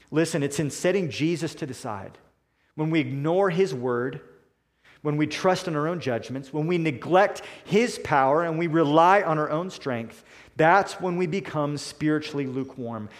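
A man preaching a sermon in a deliberate, emphatic way, slowing down to stress key words. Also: mid-range voice.

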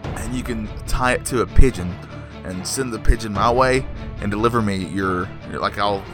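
A man's voice: lowish voice, normal speed, over music. A man hosting a casual solo movie review podcast, rambling and joking with many filler words. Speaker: podcast host.

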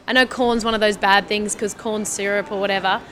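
A woman's voice: mid-range voice, fairly even intonation, a little fast, fairly bright tone, slight background noise. A woman with an Australian accent chatting casually as host, laughing often and asking curious questions. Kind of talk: casual chat.

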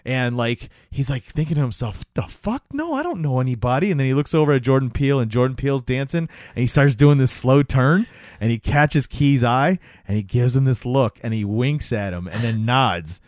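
A man chatting on a podcast, recapping comedy sketches with lively energy and swearing. He slips into the characters' lines as he tells the story. His voice sits at a middle pitch and the sound is dry and close. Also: fairly quick, dry recording. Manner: animated storyteller, acts out quotes, swears freely. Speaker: podcast co-host. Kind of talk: casual chat retelling comedy sketches.

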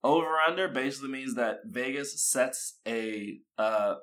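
A man's voice: mid-range voice, unhurried, a bit bright. A young man co-hosting a podcast, chatting casually, laughing often and restarting his sentences. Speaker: podcast co-host.

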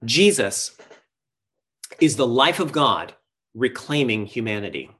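A man's voice: medium pitch, big pitch swings, takes it slowly, a bit bright, husky. A man preaching a sermon as pastor, earnest and emphatic, asking rhetorical questions and shifting his pace.

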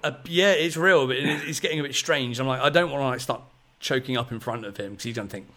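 Male podcast host, 30s, mid pitch, excitable rambling storyteller. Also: fast talker. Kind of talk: casual storytelling chat.

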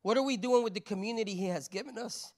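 A woman's voice: on the high side, quick pace, darkish tone. A woman preacher giving a sermon in a conversational way, with rhetorical repeated questions and a habit of asking "right?".

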